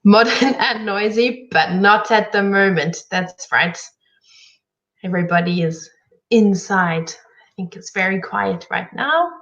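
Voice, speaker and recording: A woman teaching an online English lesson, explaining words clearly and encouragingly. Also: mid-range voice, unhurried, fairly bright tone, lo-fi sound.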